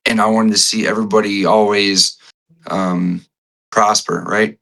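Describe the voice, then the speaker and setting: A man talking as a podcast guest, telling a personal story in a halting way, repeating phrases and restarting often, a little choked up. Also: on the low side, little pitch movement, creaky, sharp tone, low-quality recording. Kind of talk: emotional conversational storytelling.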